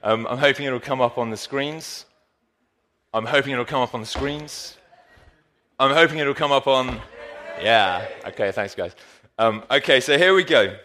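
Bright-voiced preacher, playful. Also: male voice, mid-range voice, normal speed. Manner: playful, jokey, addresses the congregation directly. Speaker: pastor. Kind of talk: sermon. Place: church hall. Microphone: handheld mic.

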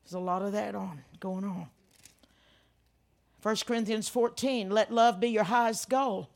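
An older woman preaching a sermon, telling stories with animated emphasis and frequent laughs. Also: mid-range voice, unhurried, vocal fry. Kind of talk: sermon with storytelling.

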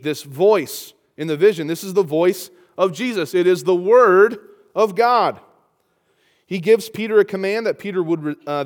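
A man preaching a sermon, reading scripture aloud and rising to emphatic peaks. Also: on the high side. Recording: long hall reverb.

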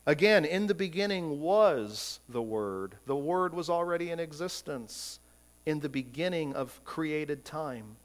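A man's voice: fairly high pitch, expressive, unhurried. A man preaching a sermon as pastor, emphatic and full of rhetorical questions, often repeating words as he goes.

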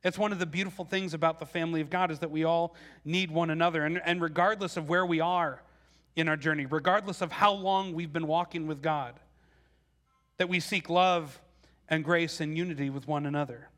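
Higher-voiced conversational male pastor. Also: fairly even intonation, fairly quick, a bit bright. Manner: conversational, with frequent "like" and repeated words. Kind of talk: sermon.

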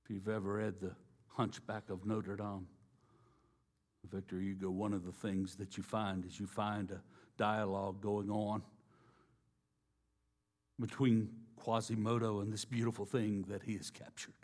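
A man preaching a sermon, slow and deliberate, dropping to a hush on key phrases. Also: fairly low pitch, little pitch movement. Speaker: pastor.

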